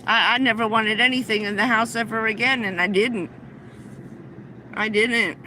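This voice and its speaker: A middle-aged woman with a bright, clear voice spins a long story on her livestream, stumbling and restarting as she goes. A faint vehicle hum runs underneath. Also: on the high side, steady tone, moderate pace, poor audio. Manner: rambling, breathless anecdote with many restarts. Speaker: livestream host. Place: inside a vehicle.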